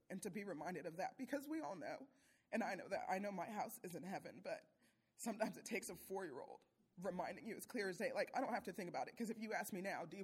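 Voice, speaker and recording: A woman's voice: mid-range voice, slightly rough. A woman sharing a church mission trip testimony, emotional and laughing between phrases.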